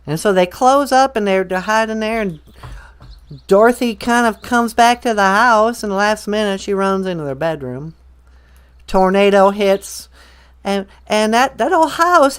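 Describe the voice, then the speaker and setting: A woman's voice: on the high side, clear, resonant tone. A woman telling a story in a playful, rambling way, with hesitant restarts. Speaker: guest storyteller. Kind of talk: casual storytelling.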